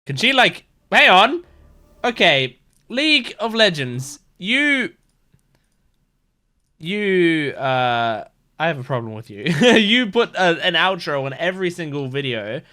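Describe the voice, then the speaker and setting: A man hosting a reaction video, chatting casually with lots of fillers and rambling excitement. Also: fairly high pitch, takes it slowly. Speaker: reaction channel host.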